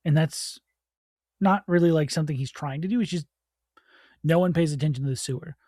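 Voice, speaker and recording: Man, mellow tone, fairly high voice, casual and easygoing, thoughtful. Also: fairly quick, no room sound, studio quality. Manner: easygoing, laughs between thoughts. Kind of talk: casual brainstorming chat.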